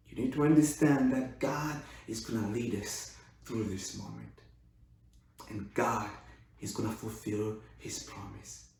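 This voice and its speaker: A man preaching a sermon as pastor, swinging between loud exclamations and hushed, intimate speech. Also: a little high, slight background noise. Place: church sanctuary. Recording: echoey room, far from the mic.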